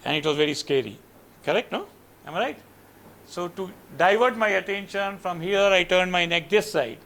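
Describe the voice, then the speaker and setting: A guest lecturer with an Indian accent tells motivational stories to students, earnest and sprinkling in plenty of "you know" asides. His voice is high and a bit bright, at a normal speed.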